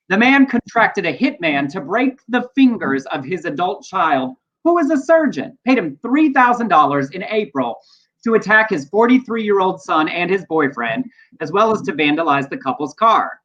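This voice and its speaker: A man's voice: sits high, fairly bright tone. A man co-hosting a casual livestream, reading news stories aloud with playful, wry asides. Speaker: co-host. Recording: dull lo-fi stream audio.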